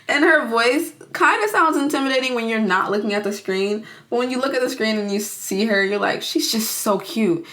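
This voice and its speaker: A young woman recapping a film in a chatty, casual way. She is animated and quick to act out the characters' lines in her own voice, full of asides and reactions. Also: fairly high pitch. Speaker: movie reviewer.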